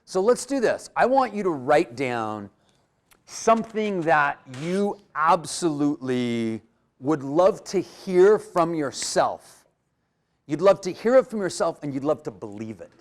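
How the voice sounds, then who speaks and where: A man giving a live motivational workshop in a room full of people, energetic and coaching the audience with direct prompts. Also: a little high, a little slow. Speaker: workshop speaker.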